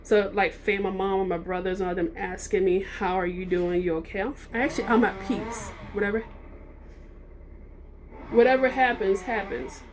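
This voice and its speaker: A woman vlogger talks straight to her viewers in a loose, rambling way. She often stops, corrects herself and fills the gaps with ums. Her voice sits at an ordinary middle pitch, with a faint hum of background noise. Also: steady tone, normal speed. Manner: rambling, self-correcting, frequent ums and restarts. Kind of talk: casual storytelling to camera.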